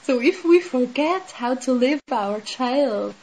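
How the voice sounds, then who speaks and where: A woman's voice: high voice, lively intonation, takes it slowly, darkish tone, rough recording. A woman from Switzerland, speaking in a casual spiritual talk and sharing her own experiences in an earnest, reflective way, often saying "like" and "um". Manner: earnest, reflective, with many "like" and "um" fillers. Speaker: speaker sharing personal insight.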